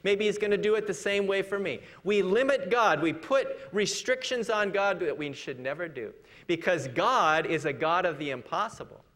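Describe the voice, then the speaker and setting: A preacher with a high-pitched voice delivers an earnest, conversational sermon. He questions his listeners directly and slows to a measured pace for scripture. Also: fairly bright tone.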